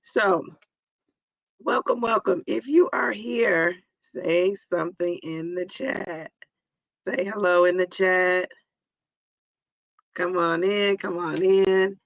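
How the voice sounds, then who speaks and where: A hoarse, raspy woman in her forties hosting a live stream, chatting casually and greeting viewers by name. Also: lowish voice, slow, long pauses, dry recording, highs cut off. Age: 40s.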